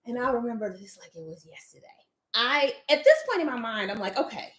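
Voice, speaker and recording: Woman spilling a story to a friend, kinda high voice, cusses a lot, does all the quotes. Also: fairly quick. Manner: animated, swears freely, acts out quoted lines. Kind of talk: casual chat.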